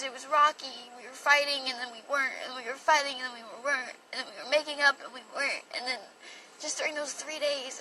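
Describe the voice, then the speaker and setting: With a high, sharp-toned voice, a young woman tells a personal story on a phone livestream. She rambles and gets emotional, filling her speech with "like." She's recorded from afar over faint background noise.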